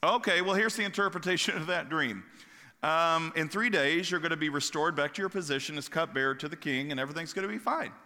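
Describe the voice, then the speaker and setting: A man preaching in a casual, animated storytelling style, joking and acting out the voices of the people in the story. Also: fairly high pitch, fast talker. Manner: animated, jokey retelling with acted-out voices. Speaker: pastor. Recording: long reverb of a large hall.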